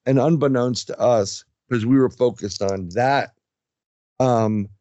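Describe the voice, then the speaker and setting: A man's voice: medium pitch, slow, no room sound, lo-fi sound. A man who investigates the paranormal, telling his experiences in a casual interview and acting out what others said. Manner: animated storyteller, acts out quotes.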